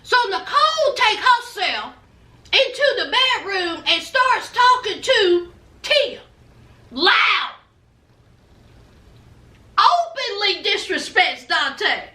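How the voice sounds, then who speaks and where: A woman's voice: very high voice, big pitch swings, takes it slowly, long pauses, sharp tone. A woman hosting a casual TV recap, sassy and gossipy. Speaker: TV recap host. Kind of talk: casual chat. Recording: roomy echo.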